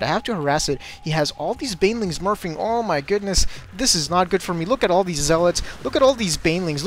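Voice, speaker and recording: Young male replay commentator, a touch high-pitched, eager and easily flustered, home desk mic with faint hiss. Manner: excitable, gets flustered and speeds up in fights. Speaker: game commentator. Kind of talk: commentating his own replay.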